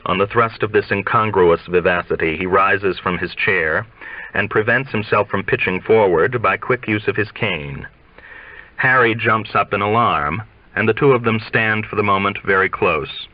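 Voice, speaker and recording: A man narrating a literary novel aloud in a measured, deliberate way. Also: fairly low pitch, dry recording. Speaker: audiobook reader. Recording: dry, dull lo-fi sound.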